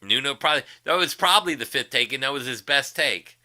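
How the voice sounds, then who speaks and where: A man's voice: medium pitch, lively intonation, quick pace, pushed and bright. A man hosting a casual livestream, profanely mocking a rival with frequent laughter. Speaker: livestream host.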